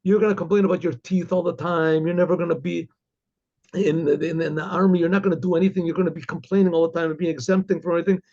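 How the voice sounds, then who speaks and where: A man's voice: fairly high pitch, steady tone, fast talker, vocal fry, darkish tone, dull audio. A man playing a sneering army dentist. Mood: contemptuous. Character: hostile, contemptuous male army dentist.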